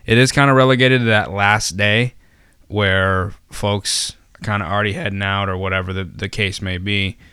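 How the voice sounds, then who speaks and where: Lowish smooth guy rambling on his podcast, lots of ums, dry mic. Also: steady tone, normal speed, bright, forceful tone, no room sound. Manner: rambling, many fillers and restarts; jokey, self-deprecating asides. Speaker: podcast host. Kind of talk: casual podcast chat.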